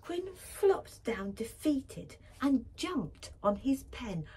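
A woman reading a picture book aloud to schoolchildren, gentle and expressive, often dropping to a whisper. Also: on the high side, drawn-out words, slight background noise. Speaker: school librarian reading to pupils.

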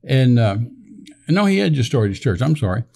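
An older man with a gravelly, mellow voice tells a long personal story in a loose conversational way. He rambles, restarts his sentences and slips into the voices of people he quotes. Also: mid-range voice, big pitch swings, normal speed. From Texas. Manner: rambling, many fillers and restarts, acts out quoted dialogue. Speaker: minister telling a story on a podcast.

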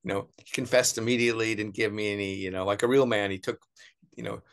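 A middle-aged American man telling stories as an interview guest, animated, putting on voices for the people he quotes. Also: fairly low pitch, fast. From United States. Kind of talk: casual storytelling interview.

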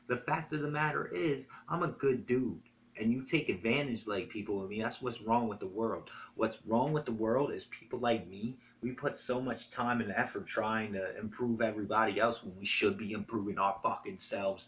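A man talking straight to the camera in a vlog, earnest and heavy on swearing as he preaches self-improvement. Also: fairly low pitch. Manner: earnest, profane, preachy pep talk. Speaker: vlogger. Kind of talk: direct-to-camera vlog monologue. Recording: dull lo-fi sound with faint hum.

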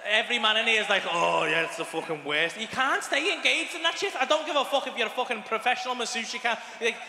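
A man with a Liverpool accent does a crude, swearing stand-up set, acting out scenes as he goes. His voice sits high, and the live recording carries long hall reverb with the audience clearly heard behind him. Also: quick pace, bright, forceful tone, a little hiss or hum. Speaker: stand-up comedian. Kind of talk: stand-up routine. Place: comedy club stage.

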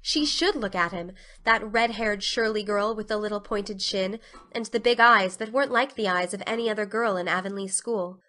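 Bright, expressive woman narrating a story. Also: mid-range voice, moderate pace.

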